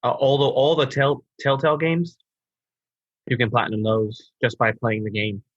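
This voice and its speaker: A man co-hosting a gaming podcast, relaxed and laid-back, talking with a sore throat. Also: medium pitch, normal speed, no echo, lo-fi sound. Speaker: podcast co-host. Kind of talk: casual chat.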